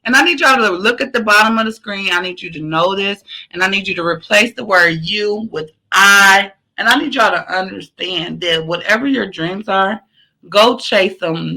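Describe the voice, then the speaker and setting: At a moderate pace, a podcast host with a bright, forceful, medium-pitched voice closes her show on a rough recording. Her pep talk is emphatic and preachy, looping back over each point, slangy and casual, and now and then profane.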